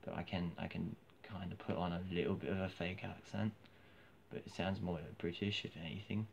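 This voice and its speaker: A hoarse man with an Australian accent, his very low voice full of gravelly fry. He rambles through a casual monologue, restarting his sentences and filling pauses. The recording is dull and lo-fi, with a faint hiss in the background. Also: level tone. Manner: rambling, frequent restarts and fillers. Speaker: vlogger.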